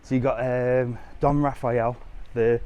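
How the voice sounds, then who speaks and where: Walking a resort strip by the sea, this male travel vlogger talks to his live-stream audience and fields their questions in a chatty, cheeky way, replying to comments as he moves. His voice sits in the mid-range, mellow and clean, with a flat, unhurried delivery. The lo-fi audio comes from a handheld camera, with light outdoor street noise in the background.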